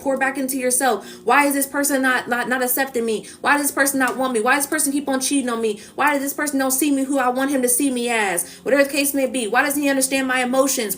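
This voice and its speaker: A woman's voice: high voice, a bit bright. A woman giving a spiritual collective reading in a casual, coaxing manner, often checking in with "okay?" and "right?". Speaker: tarot reader.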